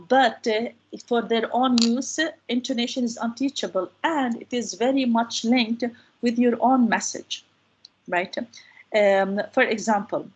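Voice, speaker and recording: Female guest lecturer, husky tone, patient explainer, heard over a video call. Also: on the high side, poor audio. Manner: explanatory, many fillers and restarts. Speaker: guest speaker. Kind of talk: answering questions in an online talk.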